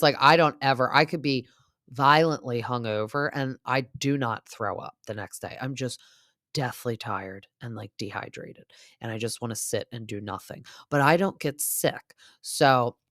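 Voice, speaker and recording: A woman's voice: a bass voice, a bit bright, dry recording, studio quality. Chatty woman recapping reality TV. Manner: chatty, rambling, frequent "like" and "um". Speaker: podcast host. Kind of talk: casual recap chat.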